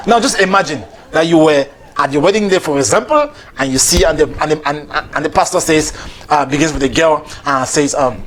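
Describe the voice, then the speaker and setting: A man's voice: fairly high pitch, fairly quick, hardly any pauses. A man delivering a chatty, preachy comic monologue, repeating himself and laughing between lines. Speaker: comedian.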